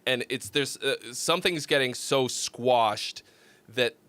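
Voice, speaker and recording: A man's voice: mid-range voice, slow pace, sharp tone. A congested man with a sick-sounding voice, giving loose, profane critique of listener songs on a casual livestream. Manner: loose, profane, rambling with fillers.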